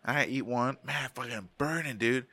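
Guy rambling and cussing on a podcast, bright tense voice. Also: medium pitch, moderate pace, no room sound. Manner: profane, rambling storyteller. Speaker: podcast co-host. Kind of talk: casual chat.

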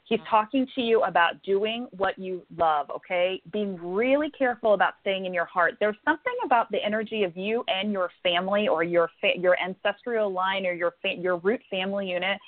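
On a call-in show, a woman gives psychic readings in a warm, affectionate way, calling callers honey and sweetie and asking "okay?" again and again. Her mid-range voice is a little fast with hardly any pauses, and it has a tinny phone-line sound.

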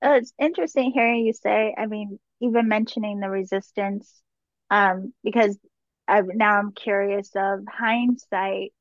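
A woman's voice: mid-range voice, steady tone, unhurried, no echo. A woman hosting a podcast interview, asking curious, thoughtful questions. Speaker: podcast host. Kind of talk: conversational interview. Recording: dry, dull lo-fi sound.

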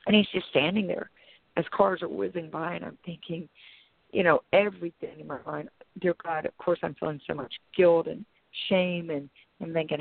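Gravelly-voiced woman pastor over a phone line. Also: lowish voice, steady tone, moderate pace, no echo. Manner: earnest, dramatic retelling with quoted inner thoughts. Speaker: pastor and author guest. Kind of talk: emotional personal storytelling turning into preaching.

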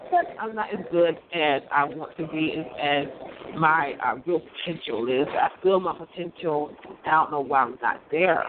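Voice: mid-range voice, normal speed. A vlogger talking casually to the audience, hesitant and self-critical, often repeating words. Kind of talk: casual talk to camera. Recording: tinny phone-like audio with noise.

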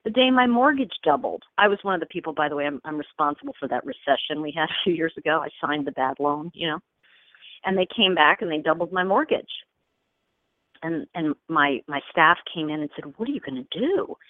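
A woman's voice: low-pitched, a little fast, no echo. A woman in her fifties from New York, a psychic and spiritual teacher talking casually as an interview guest, telling stories and acting out the voices of people she quotes. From New York, USA. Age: 50s. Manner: expressive storyteller, acts out quoted voices, laughs easily. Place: home recording studio. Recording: dry, tinny phone-like line.

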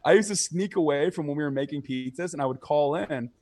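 Chatting casually on the podcast he co-hosts, this young man tells stories, curses a lot, and laughs as he performs the quoted voices of others. His pitch is fairly high, his pace quick, and his tone somewhat dark.

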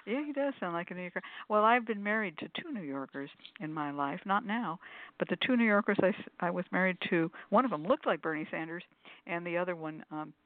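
A woman co-hosting a radio call-in show, chatty and quick to laugh, often going off on tangents. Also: fairly low pitch, lively intonation, no room sound. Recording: dry phone-line audio.

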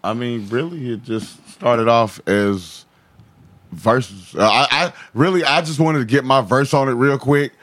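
A man's voice: medium pitch, fairly bright tone, dry recording. A man, a rapper and guest on a music podcast, chatting and joking. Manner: joking, quick to laugh. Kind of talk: casual chat.

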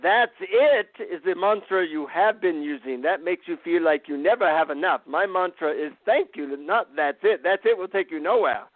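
A man voicing a male Indian guru with an Indian accent, calm and gently teasing, over a dry phone line. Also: high voice, moderate pace, hardly any pauses, no echo, pitched above the performer's own voice. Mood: serene, instructive.

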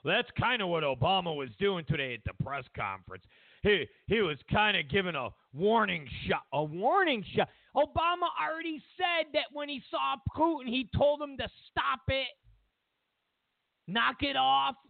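A man's voice: sits high, sing-song, normal speed, creaky, dry recording. A man hosting a talk show, ranting about politics with mocking sarcasm and acting out other people's voices. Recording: dry, phone-like lo-fi sound.

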